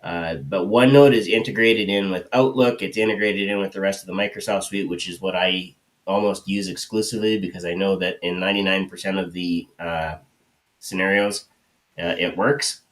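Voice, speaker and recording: Deep voiced guy rambling on about his note app setup, lots of uhs. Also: fairly even intonation, moderate pace. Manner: rambling, hesitant with many fillers. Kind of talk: casual explanation.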